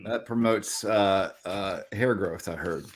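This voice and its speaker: A man's voice: sits low, takes it slowly. A man co-hosting a sports podcast in casual chat, blunt and swearing freely. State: voice still deep from shouting. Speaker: podcast co-host.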